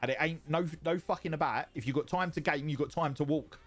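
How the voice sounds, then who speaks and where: His voice is fairly high and fairly bright, and he talks at a quick pace over faint background music. The man is on a casual home livestream, reading viewer messages in a rambling, repetitive, profane way.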